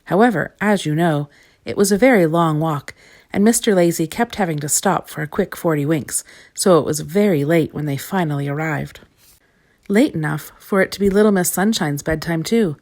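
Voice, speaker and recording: A woman reading a children's storybook aloud, expressive and clear. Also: deep voice, normal speed.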